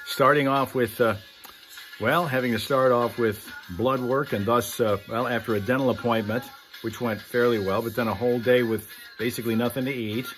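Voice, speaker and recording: A man's voice: mid-range voice, fairly even intonation, normal speed, fairly bright tone, faint music behind. Male live stream host, folksy and rambling, casual end-of-week wrap-up.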